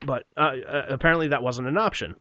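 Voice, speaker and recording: A man's voice: medium pitch, quick pace, bright, forceful tone, no room sound. A man with a New Jersey accent telling a long, profane story about an old job in a casual podcast chat. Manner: swears often, mocks people in put-on voices. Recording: dull lo-fi podcast audio.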